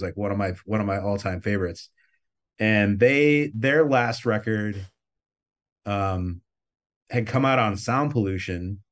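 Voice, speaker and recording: Lowish-voiced guy rambling on as a podcast guest, swears a ton, easygoing. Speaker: guest, record label owner. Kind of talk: casual interview storytelling.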